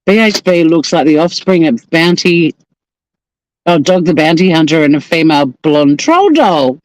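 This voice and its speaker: A Tasmanian man with an Australian accent hosts a casual live stream outdoors on the coast, joking and swearing as he chats. His voice is on the high side and animated, at normal speed. The audio is poor, with no room sound.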